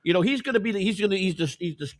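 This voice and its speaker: A man's voice: high voice, racing, no room sound, studio quality. An older American man telling long rambling stories in casual chat, full of restarts and quoted dialogue. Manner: rambling storyteller, many restarts. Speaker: co-host.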